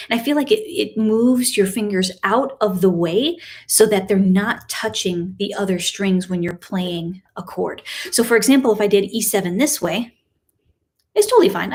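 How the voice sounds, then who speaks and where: A woman's voice: medium pitch, darkish tone. A young adult woman teaching a live ukulele lesson, counting beats aloud, calling chord changes and greeting viewers in the chat. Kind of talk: live-streamed music lesson. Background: ukulele playing.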